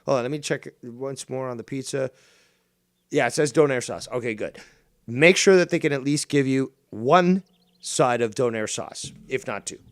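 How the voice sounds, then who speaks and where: A man's voice: medium pitch, normal speed. Profane teasing man hosting a game stream. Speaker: streamer host. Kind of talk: casual gaming stream chat.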